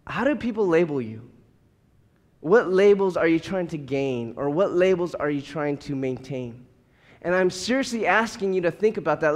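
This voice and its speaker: Earnest high-voiced male pastor in a reverberant hall. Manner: earnest, repeats words when building a point. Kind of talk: sermon.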